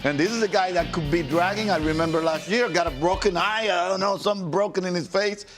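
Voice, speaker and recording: An emphatic man with a fairly high voice weighs in as a studio baseball analyst. He restarts sentences and repeats words as he builds his point, with faint music under him. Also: fast talker. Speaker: baseball analyst, former pitcher. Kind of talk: studio sports discussion.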